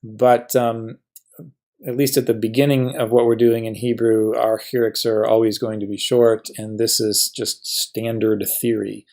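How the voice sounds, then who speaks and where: A man's voice: fairly low pitch, flat delivery, unhurried, darkish tone. Man teaching a grammar lesson. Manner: patient, asks questions and answers them himself. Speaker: Hebrew teacher.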